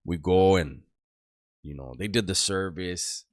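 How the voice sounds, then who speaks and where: A middle-aged man with a very low voice tells a story from his past, loose and rambling, full of street slang and swearing. The sound is dry and close, with no room around it. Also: unhurried, dry recording. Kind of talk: casual storytelling.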